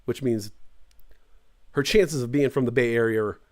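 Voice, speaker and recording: A man's voice: medium pitch, moderate pace, darkish tone. A middle-aged man from California's East Bay hosting a casual live-stream morning show, rambling and joking. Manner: rambling, joking, puts on tough slang voices.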